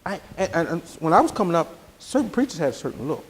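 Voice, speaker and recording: A man's voice: fairly high pitch, sing-song, fast, breathy edge. A man pastor preaching a sermon in a conversational style that rises into emphatic bursts.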